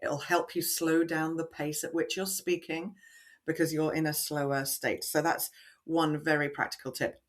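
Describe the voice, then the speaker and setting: Measured, resonant woman voice coach. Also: sits low, flat delivery. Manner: demonstrative, deliberately resonant and measured; instructive, guiding breathing exercises. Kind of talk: podcast interview, explaining techniques.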